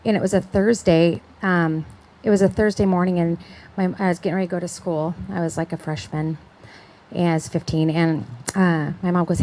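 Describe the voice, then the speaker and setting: A middle-aged woman with a slightly low voice tells her personal testimony. She speaks in a chatty storytelling way, acts out the voices of the people she quotes, and keeps checking in with her listeners. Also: steady tone, a little fast, mellow, slight background noise, poor audio. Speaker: conference speaker.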